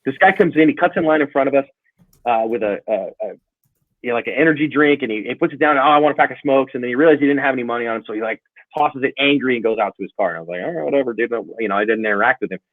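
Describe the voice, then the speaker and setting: A man's voice: mid-range voice, rapid-fire, dry recording. A middle-aged man telling stories in a casual interview and acting out the dialogue in them. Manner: animated, acts out dialogue in stories. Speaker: self-defense channel guest. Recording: tinny phone-like line, dry.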